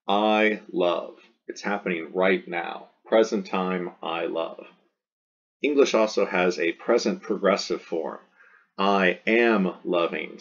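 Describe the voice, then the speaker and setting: Low-voiced man teaching a Latin lesson. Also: husky, dull audio. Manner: patient, explains step by step with restarts. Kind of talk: recorded video lesson.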